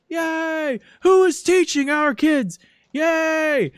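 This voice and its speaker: A man voicing a bigoted male politician giving a loud, pompous rally speech. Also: very high-pitched, no echo, clean studio sound, pitched above the performer's own voice, exaggerated voice. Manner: loud, pompous, crowd-rousing.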